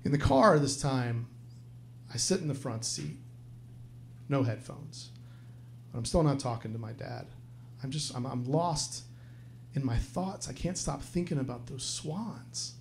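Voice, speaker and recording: A man's voice: medium pitch, expressive, measured pace, gravelly, long pauses, slight background noise. A man telling a true personal story at a live storytelling show, earnest and reflective. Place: live venue stage.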